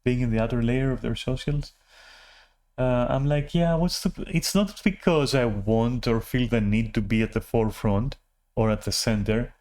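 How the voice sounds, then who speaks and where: A man's voice: mid-range voice, normal speed, darkish tone. A man ranting casually to camera, rambling and self-deprecating, swearing freely and restarting his sentences often. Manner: frequent restarts and filler words. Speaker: vlogger.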